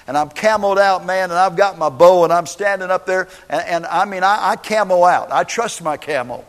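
A middle-aged man preaching a sermon, telling personal stories in an animated way and acting out the quotes. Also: sits high, moderate pace. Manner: animated storytelling, acts out quotes. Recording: long hall reverb.

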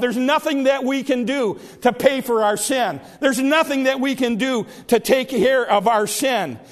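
A man delivers an impassioned sermon in a high voice. He keeps repeating his phrases and bursts into loud cries when he acts out the scripture stories. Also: normal speed, hardly any pauses. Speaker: preacher.

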